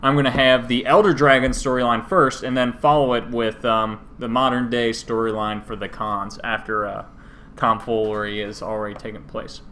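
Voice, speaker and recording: Man, casual podcast chat, jokey, rambling, middle pitch. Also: steady tone, normal speed, sharp tone, a little hiss or hum. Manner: jokey, rambling retelling with put-on character voices. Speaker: podcast co-host.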